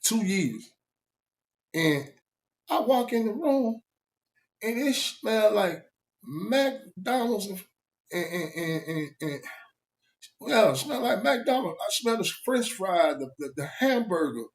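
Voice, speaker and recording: A man telling a casual story, animated and laughing often, his voice jumping high when he quotes himself. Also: moderate pace.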